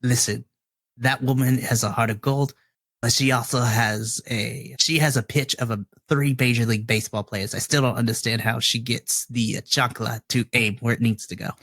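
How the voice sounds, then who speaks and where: A gentle, fatherly priest who leads a scout troop, as a man plays him in a tabletop role-play. He is soft-spoken and apologetic, and the sound is dry and close. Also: mid-range voice, steady tone, moderate pace, no echo. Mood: fond.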